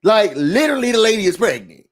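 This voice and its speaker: A man recapping a reality show in a sassy, animated rant, talking straight to his viewers from a room indoors. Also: high-pitched, quick pace. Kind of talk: casual rant-style recap.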